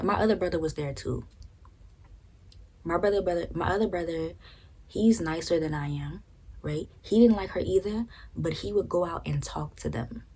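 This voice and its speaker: A woman's voice: lowish voice, breathy edge. A young woman casually telling a personal story, frank and profane, often checking in with "right?". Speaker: storytime vlogger.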